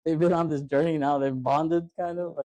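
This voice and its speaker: A man on a movie podcast, chatting casually and laughing as he retells scenes, putting on the characters' lines. His voice is mellow and dark, recorded dry and close with no room sound. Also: a little high, fairly even intonation, fairly quick, no echo. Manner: loose retelling, acts out quotes, laughs often. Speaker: podcast host.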